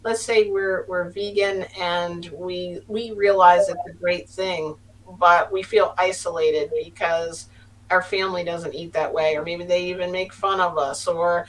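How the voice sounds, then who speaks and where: A woman's voice: fairly low pitch, fairly even intonation, a little slow. Earnest middle-aged woman rambling, distant mic. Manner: earnest, rambling with frequent restarts. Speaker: podcast guest. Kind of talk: casual storytelling. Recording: distant mic with faint hum.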